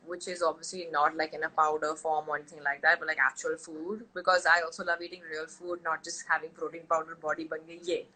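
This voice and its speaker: Bright, chatty young woman guest. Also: lowish voice, poor audio. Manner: chatty, animated storytelling with quoted voices and laughs. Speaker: interview guest. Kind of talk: casual chat.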